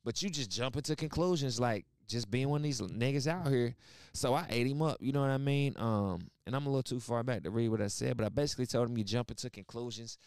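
Smooth-voiced man in blunt, profane commentary. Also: mid-range voice, fast talker, dry recording, studio quality. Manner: blunt, profane, animated storytelling with repeated asides. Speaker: online commentator and podcast host. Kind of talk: casual reaction commentary.

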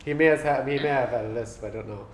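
A man's voice: medium pitch, fast, over a noisy crowd. A man in casual podcast chat, joking and laughing often, trailing off and restarting. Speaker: podcast guest. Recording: echoey room, faint hum.

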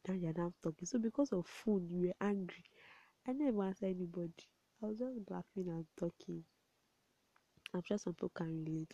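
Chatty young woman with a gravelly voice. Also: on the low side, brisk, no echo. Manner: chatty, rambling, laughs often, drops to soft asides. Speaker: vlogger. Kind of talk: casual storytelling to camera. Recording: dull, lo-fi home recording.

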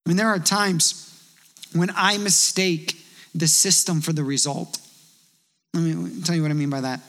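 A man preaching a sermon in a conversational, animated way, telling stories and quoting voices as he goes. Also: on the high side, moderate pace, in a large hall. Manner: conversational, animated storytelling with acted quotes. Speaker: pastor.

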